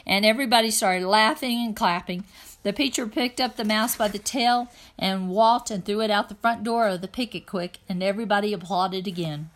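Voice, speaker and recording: A woman reading a children's novel aloud in an even, plain first-person narration. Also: medium pitch, a little fast. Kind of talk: read-aloud storytelling.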